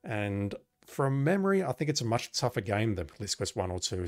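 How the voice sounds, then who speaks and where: A man's voice: fairly low pitch, expressive, a little fast, few pauses. A man playing through an old adventure game, reading its text aloud with wry, self-deprecating asides. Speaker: let's play gamer.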